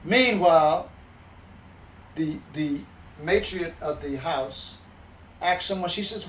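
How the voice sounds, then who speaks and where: Backwoods guy spinning a yarn, fairly high voice, echoey room, mic a bit far off. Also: unhurried, long pauses, slight background noise. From backwoods countryside. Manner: animated, plainspoken, restarts mid-sentence. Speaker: storyteller. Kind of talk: folksy spoken storytelling.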